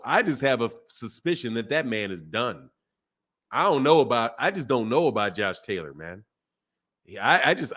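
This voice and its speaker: A man's voice: mid-range voice, a bit bright. A man hosting a boxing channel, casually chatting on a live stream and reading viewer comments, repeating phrases as he goes.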